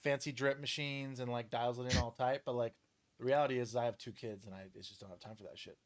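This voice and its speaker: A man in his thirties hosting a casual chat, telling stories in an animated way, laughing and swearing freely. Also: mid-range voice, fast talker, dry recording. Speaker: podcast host.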